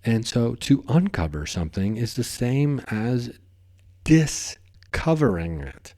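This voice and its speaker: A man's voice: mid-range voice, big pitch swings, measured pace, warm tone. A man hosting a podcast, talking in a rambling, playful way and often tripping over his words. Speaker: podcast host. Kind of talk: casual podcast monologue.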